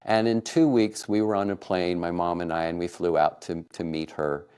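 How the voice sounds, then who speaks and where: A middle-aged man from Kansas telling a personal family story, emotional and laughing softly now and then. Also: sits low, fairly even intonation, normal speed, clean tone. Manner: warm, emotional retelling with soft laughs. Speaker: podcast storyteller.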